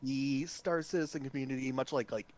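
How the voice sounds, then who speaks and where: A man's voice: mid-range voice, steady tone, a little fast, darkish tone. Polite, hesitant male caller. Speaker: viewer caller. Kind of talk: casual stream chat.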